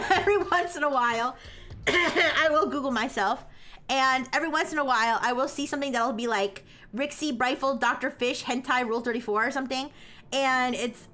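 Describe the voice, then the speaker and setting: A woman hosts a casual live stream, talking in a high, bright voice. She rambles, trips over her own sentences and laughs as she goes. Faint music plays underneath. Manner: rambling, self-interrupting, laughs often. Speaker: livestream host.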